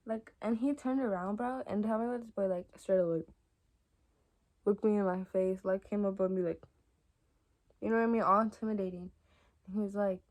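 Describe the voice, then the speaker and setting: A young woman talks straight to her viewers in a loose storytime ramble. Her voice sits at an ordinary middle pitch, and she keeps reaching for "like" and "y'all." Now and then she drops into soft, half-whispered asides. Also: steady tone, a little fast, pauses often. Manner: chatty and rambling, many fillers like "like" and "y'all". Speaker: vlogger. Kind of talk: casual storytime chat to camera.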